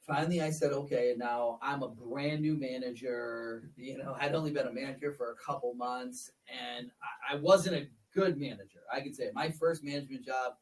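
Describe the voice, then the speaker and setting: A man's voice: medium pitch, steady tone, normal speed, few pauses, recorded from a distance, low-quality recording. A man in his forties hosting a casual interview chat, telling stories with repeated words and laughing as he talks. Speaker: podcast host.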